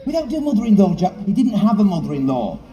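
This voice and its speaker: A man's voice: sits high, very animated, fast talker, warm tone, echoey room, muffled recording, slight background noise. A man in his fifties, a magician and ventriloquist, doing brash, self-mocking comedy patter at a live stage show. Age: 50s.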